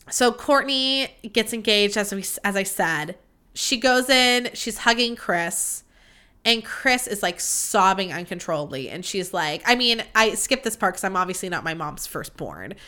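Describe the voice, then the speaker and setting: A young woman talks alone on her podcast in a loose, confessional ramble, swearing freely as she goes. Her voice is bright and sits a little high. She sounds candid and unguarded. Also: lively intonation, moderate pace, clear, resonant tone. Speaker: podcast host. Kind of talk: casual solo podcast chat.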